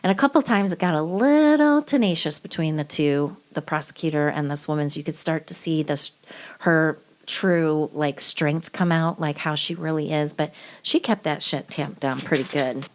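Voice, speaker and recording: A woman's voice: deep voice, moderate pace. A woman hosting a true-crime podcast, talking casually and bluntly, swearing freely with lots of fillers. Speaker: podcast host.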